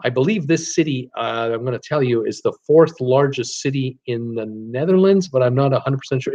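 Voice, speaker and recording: A man hosts a casual online trivia quiz, reading out viewers' answers in a chatty, easygoing way full of ums and uhs. His voice sits at an ordinary middle pitch. The audio is a bit dull and lo-fi, like a home live stream. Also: brisk, few pauses, mellow. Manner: chatty, filler-heavy, chuckles at his own jokes.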